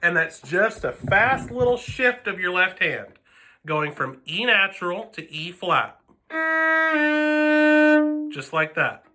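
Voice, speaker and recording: A man's voice: high voice, animated, slow, pauses often. A man giving a patient music lesson, counting beats aloud and explaining notes to his students. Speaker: string teacher. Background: violin playing.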